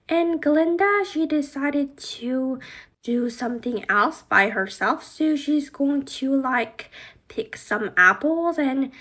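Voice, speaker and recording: A woman with a somewhat high voice tells a toy story in a loose, casual way. She rambles, restarts her sentences and fills gaps with small filler words. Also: bright, forceful tone. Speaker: toy reviewer. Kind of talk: casual narration of toy play.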